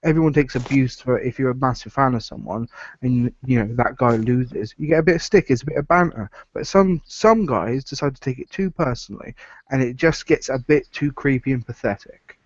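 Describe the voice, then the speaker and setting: A man makes his case bluntly in casual podcast chat, swearing freely. His mid-pitched voice is recorded dry with no room sound. The audio is dull and lo-fi. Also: fairly quick, no echo. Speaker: podcast co-host.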